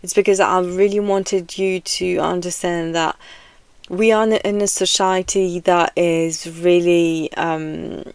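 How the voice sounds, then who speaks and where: A woman talks straight to her viewers in a frank, rambling way, leaning on "you know" and small laughs. Her delivery is slow and unhurried. The recording is dry and close, with no room sound. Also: lowish voice, fairly even intonation, darkish tone, clean tone, no room sound. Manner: laughs often between phrases. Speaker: video essay vlogger. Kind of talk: casual direct-to-camera talk.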